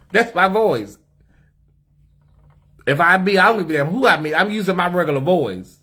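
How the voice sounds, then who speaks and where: A man's voice: sits high, animated, measured pace, pushed and bright, breathy edge. An American man hosting a live stream from a hotel suite, sassy and chatty, talking straight to his viewers in the comments. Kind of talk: casual live-stream chat.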